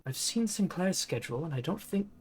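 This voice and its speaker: A man's voice: fairly high pitch, expressive, fairly quick, a little mellow, slightly rough, voice pushed up. A man reading a note aloud in a put-on, old-fashioned posh British accent, playing a formal British man.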